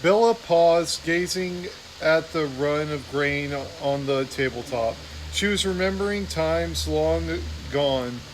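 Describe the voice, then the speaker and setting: A man chatting casually and then narrating a novel aloud, relaxed with small self-corrections. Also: on the high side, slow pace, slight background noise, low-quality recording. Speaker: audiobook reader. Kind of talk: casual chat and story narration.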